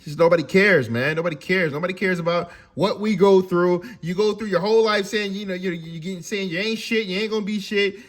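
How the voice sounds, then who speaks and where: A man on a casual ranting monologue, animated and profane, stammering through restarts. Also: sits high, brisk, few pauses. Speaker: commentator.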